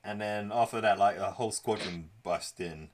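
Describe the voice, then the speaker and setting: Chill guy with a lowish voice talking through a comic on a podcast. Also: normal speed. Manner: laid-back, quotes characters with laughs. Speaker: podcast co-host. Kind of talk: casual chat recapping a comic.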